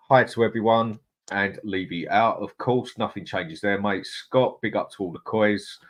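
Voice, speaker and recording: A man hosting a casual live stream, chatting and reading out viewer comments. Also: on the low side. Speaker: host.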